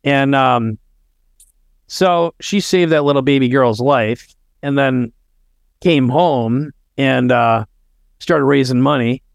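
A man's voice: medium pitch, slow pace, gravelly. A middle-aged man speaks as a podcast guest, telling a heartfelt story in an earnest, conversational way. He acts out bits of dialogue as he goes. His voice sounds close and dry, with no room echo. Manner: earnest, heartfelt, tells stories with quoted dialogue.

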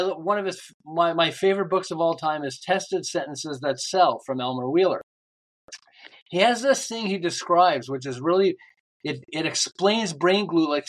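An older man, a book author and podcast guest, telling business stories and acting out the lines of the people in them. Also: fairly high pitch. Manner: animated storyteller acting out quoted lines. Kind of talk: storytelling in a podcast interview.

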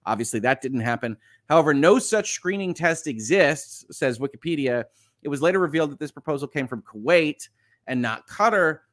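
A man's voice: fairly high pitch, lively intonation, brisk, a bit bright, dry recording, studio quality. A man hosting a live-streamed news show, commenting on stories and reading viewer chat, hesitant, with many restarts and frequent chuckles. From United States.

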